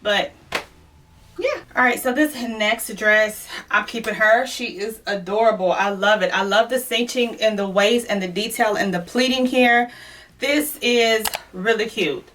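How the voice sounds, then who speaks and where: In an unhurried, fairly bright voice on the high side, a woman from Louisiana chats through a clothing try-on haul, out of breath and calling her viewers "y'all." This casual fashion vlog has a distant mic and a little hiss or hum.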